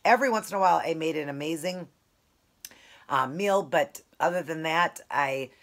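A woman's voice: low-pitched, moderate pace. A woman chatting casually in a food vlog, talking in a rambling, affectionate way while eating. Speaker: keto food vlogger.

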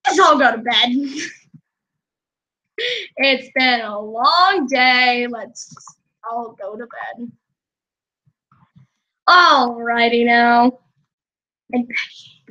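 Young woman chatting and giggling while she plays, talks kinda slow. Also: a little high, pushed and bright, dull audio. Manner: giggly, chatty, often laughing. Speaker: gameplay vlogger. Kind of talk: casual gameplay commentary.

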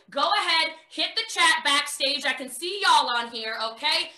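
An American woman in her thirties running a live network marketing training. She talks fast, gives orders and jokes with her viewers. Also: sits high. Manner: fast, energetic, bossy, joking. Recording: roomy echo.

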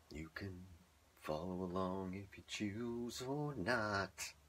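A man's voice: sits low, slow pace, fairly bright tone. A man in his garage practicing voice-over script reads into a microphone, repeating each line in different ways and chatting between takes. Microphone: microphone on a stand, phone in front.

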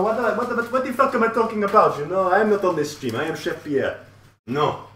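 A man's voice: mid-range voice, reverberant, far from the mic, a little hiss or hum, close to an everyday voice, rough recording. A man doing a foul-mouthed fake French chef. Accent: put-on French accent. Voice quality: thick fake French, filler-heavy, constant swearing. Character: crude, swearing mock French TV chef, grown man. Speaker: live-stream cooking host. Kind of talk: comic improvised live-stream cooking.

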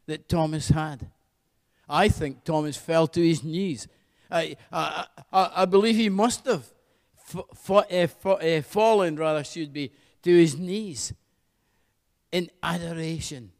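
Man, pastor, sermon, high pitched, fervent, long church reverb. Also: a little mellow. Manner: fervent, repeats hallelujah.

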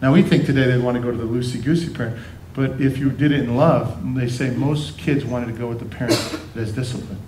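A man's voice: medium pitch, quick pace, few pauses, darkish tone, slight background noise. A middle-aged man preaching a sermon to his congregation, telling family stories with playful asides and acting out voices. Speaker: pastor. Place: church sanctuary. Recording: roomy church sound from a distance.

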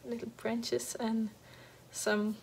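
A woman with a somewhat high voice shows off her knitting projects in a casual home chat. She talks haltingly, full of fillers and restarts. She sounds slightly out of breath as she goes. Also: level tone, gravelly, a little mellow, breathy edge. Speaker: knitting podcast host. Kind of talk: casual show-and-tell chat. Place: at home next to a heater.

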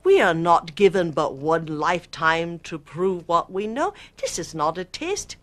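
A woman putting on an ancient, solemn male warrior spirit, speaking slowly and archaically in a put-on British accent. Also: fairly low pitch, animated. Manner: slow, archaic, declaiming. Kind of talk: trance channeling performance.

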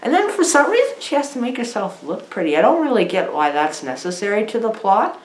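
A woman's voice: medium pitch, fairly quick, slight background noise. Mock-naive chatty woman in an echoey room. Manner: mock-naive, chatty, many "like"s, lively swooping delivery. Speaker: comedic movie reviewer. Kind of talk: deadpan comedy review.

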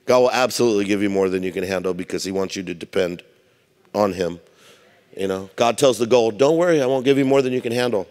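Pastor preaching in a reverberant hall. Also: male voice, fairly low pitch, quick pace, darkish tone. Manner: conversational preaching, humorous asides. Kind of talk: sermon. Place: large church hall.

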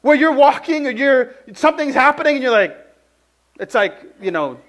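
A man with a strikingly high voice preaches in an easygoing, chatty way. He fills his sentences with "like" and tells stories with animation. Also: moderate pace, highs cut off. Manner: conversational, heavy use of "like", animated storytelling. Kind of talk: casual sermon with personal story.

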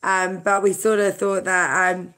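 A woman from Australia chats on a live stream in a bright voice with a clear edge. She rambles easily, fills gaps with hesitations and greets her viewers one by one by name. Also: medium pitch, little pitch movement, a little slow. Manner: chatty, greets viewers by name, many fillers. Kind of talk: casual live-stream chat.

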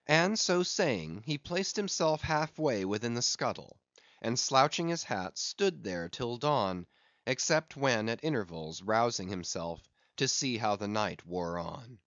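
Slow, measured male audiobook narrator. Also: medium pitch, animated, a bit bright, no echo, highs cut off. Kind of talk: scripted narration.

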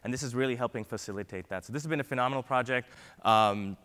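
A man giving an energetic conference keynote, often ending points with a quick "right?". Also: medium pitch. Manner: energetic, frequent "right?" tags. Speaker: keynote speaker. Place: large conference hall. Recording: long hall reverb.

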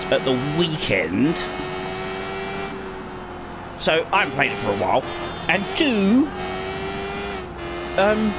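A man with a Cockney accent from the East End of London, hosting casual let's-play commentary, swearing heavily and bursting out excitedly at the game. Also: fairly high pitch, heavy background noise. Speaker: gaming channel host.

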